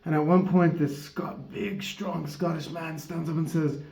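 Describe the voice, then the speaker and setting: Man giving a rambling, mellow Torah talk. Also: on the high side, fairly even intonation, measured pace, gravelly. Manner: rambling, self-correcting, laughs often. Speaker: Torah teacher. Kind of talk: casual religious teaching talk. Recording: dull, roomy recording.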